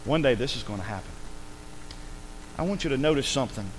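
A man preaching a sermon in an emphatic way, swinging between loud calls and quiet lines and asking for amens. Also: mid-range voice, expressive, quick pace, slight background noise, low-quality recording.

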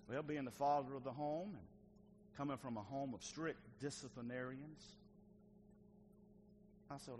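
A middle-aged male pastor preaching a sermon, swinging between loud and hushed delivery. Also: mid-range voice, unhurried, long pauses, slight background noise. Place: church sanctuary.

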